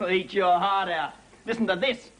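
An actor playing a bossy, boastful and greedy station boss. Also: male voice, sits high, unhurried, a bit bright, a little hiss or hum. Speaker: sitcom character. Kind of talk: sitcom acting.

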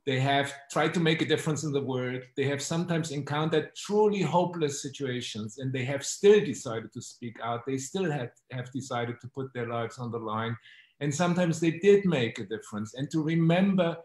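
A man, a professor co-hosting a webcast panel, giving closing remarks on a video call in a thoughtful, halting way that repeats words. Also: medium pitch, a little mellow. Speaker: professor and co-host. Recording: echoey room audio.

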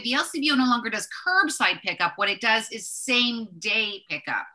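Co-hosting a casual wine tasting, a woman with a fairly high, expressive, sharp-toned voice chats at normal speed. She is enthusiastic about the labels and keeps correcting herself as she talks.

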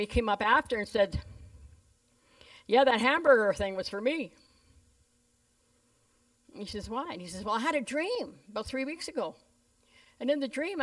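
A woman pastor, telling stories in a sermon and acting out the voices of the people in them. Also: fairly high pitch. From Canada. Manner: lively storyteller who voices the people in her stories. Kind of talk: storytelling sermon. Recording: voice a bit distant from the mic.

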